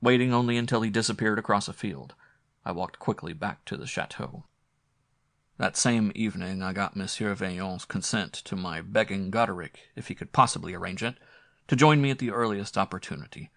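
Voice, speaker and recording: Gravelly low-voiced man narrating horror. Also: a bit bright, no echo, studio quality. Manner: measured, brooding reading. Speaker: audiobook narrator.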